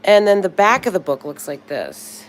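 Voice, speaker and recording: A woman's voice: mid-range voice, sing-song, normal speed, a little hiss or hum. A woman in her sixties chatting casually on a live stream, talkative and swearing freely when frustrated. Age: 60s.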